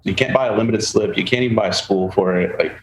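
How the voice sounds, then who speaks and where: A man with a lowish voice tells a winding car story on a podcast, slipping into other people's voices as he goes. The sound is roomy, with a faint hiss behind him. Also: fast. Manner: animated storyteller, acts out quoted voices. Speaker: podcast host. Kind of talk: casual storytelling chat. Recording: roomy with faint ambient noise.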